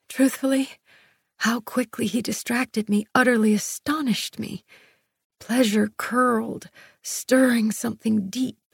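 A woman narrating a sensual first-person audiobook, soft and intimate, often near a whisper. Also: fairly high pitch, steady tone, a little slow, gravelly, husky, dry recording, studio quality.

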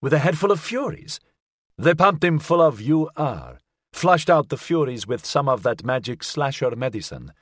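A man's voice: mid-range voice, sing-song, normal speed, a bit bright, no echo, clean studio sound. A man reading an audiobook, voicing a slick, condescending male official who coolly needles the woman he questions. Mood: needling.

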